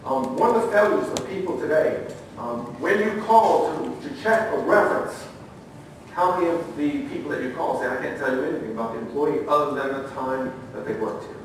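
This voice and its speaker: A middle-aged man giving a training talk at a conference, telling lively stories, acting out the quotes and asking the audience questions. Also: on the high side, a little fast, a little hiss or hum. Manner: animated storyteller, acts out quotes, asks the audience questions. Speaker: conference speaker, former federal agent. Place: conference room. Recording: echoey room, heard from far off.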